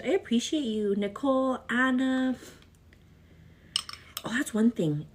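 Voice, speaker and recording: Chatty husky young woman vlogging. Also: big pitch swings, a little slow, pauses often, a little mellow. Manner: chatty, laughing, quoting herself in a higher voice. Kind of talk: casual chat while doing makeup.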